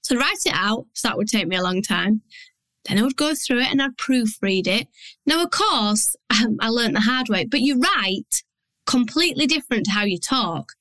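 A Yorkshire woman talks straight to her podcast listeners, blunt and down to earth, with a fairly high voice. The sound is dry and close, with no room around it. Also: lively intonation, moderate pace, fairly bright tone, no echo, poor audio. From Yorkshire, England. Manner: blunt, down-to-earth, chatty with mild swearing. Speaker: business coach and podcast host. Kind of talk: solo podcast monologue.

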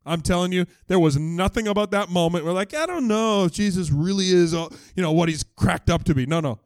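Speaking a bit fast in a high register, the man preaches a casual sermon full of jokes and acted-out voices as he tells his stories. There's no room sound on the recording.

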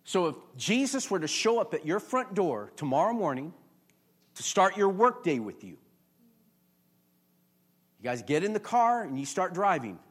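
A man pastor preaching a sermon to a congregation, chatty and conversational, building to loud emphatic peaks. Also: sits high, sing-song, normal speed, pauses often, husky. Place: church before a congregation.

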